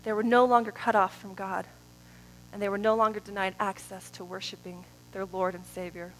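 A woman preaching a sermon in a church, moving between soft, drawn-out phrases and loud, rising calls. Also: mid-range voice, little pitch movement, soft background music, rough recording.

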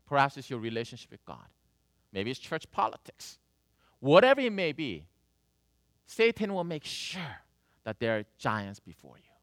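A man preaching a sermon, telling a story with animated swings between loud and soft. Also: mid-range voice, normal speed, long pauses, no echo, clean studio sound. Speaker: pastor.

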